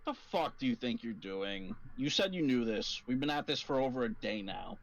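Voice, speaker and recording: A man's voice: medium pitch, animated, moderate pace, dull audio, natural voice. A man voicing an impatient cultist who snaps and swears at a companion. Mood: angry. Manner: exasperated, swearing. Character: impatient angry male cultist.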